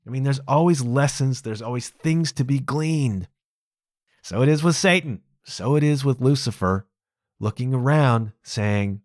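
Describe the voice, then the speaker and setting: A man's voice: medium pitch, unhurried, a little mellow, no room sound, studio quality. A man hosting a podcast, musing aloud in a casual, conversational monologue and laughing often. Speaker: podcast host.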